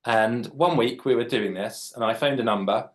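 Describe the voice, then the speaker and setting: Here a children's author in his late 40s gives a live drawing demonstration for kids, joking and chatting while he explains his work. His pitch is medium and his pace moderate.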